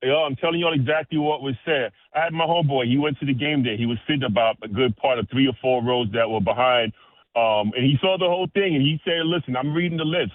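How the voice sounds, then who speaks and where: A man calling in to a sports radio show, talking fast and excited in street slang over a phone line. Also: medium pitch, dry recording. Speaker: caller. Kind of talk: call-in sports talk.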